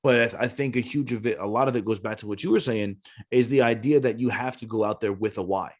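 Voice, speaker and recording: A fast-talking man with a fairly low voice, a Marine gunnery sergeant and former recruiter, chats casually on a podcast. He's blunt, curses freely, and acts out the voices in his stories.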